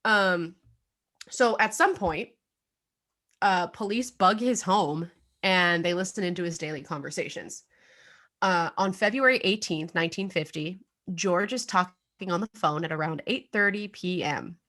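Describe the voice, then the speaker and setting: A woman's voice: fairly low pitch, measured pace, a bit bright. A young adult woman co-hosting a casual true-crime podcast, chatty and full of fillers, laughing now and then. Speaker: podcast co-host.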